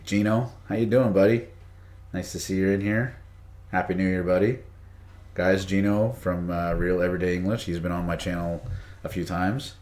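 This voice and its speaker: A man teaching English idioms on a live stream, chatty, greeting viewers by name and reading the chat aloud. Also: low voice. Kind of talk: casual live-stream lesson. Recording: echoey room.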